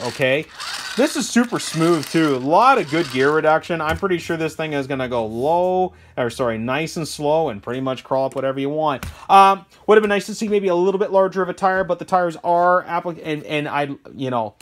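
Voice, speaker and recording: A chatty man with a fairly high voice talks his way through a casual hobby product review. He rambles, pokes fun at himself and keeps asking the listener "okay?" as he goes. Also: slight background noise. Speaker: hobby shop owner reviewing RC trucks.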